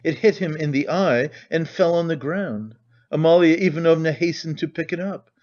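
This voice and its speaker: A man narrating a classic novel as an audiobook in a measured, dramatic reading. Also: fairly high pitch, darkish tone. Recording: dull lo-fi recording.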